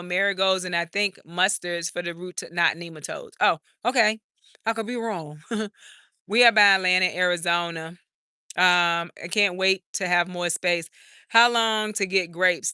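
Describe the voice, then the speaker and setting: Bright, forceful, clear and resonant, this woman's medium-pitched voice carries a live garden tour through an outdoor urban garden for her channel. She reads viewer comments in a chatty way, laughing frequently and saying "y'all." The audio is dry and studio-clean.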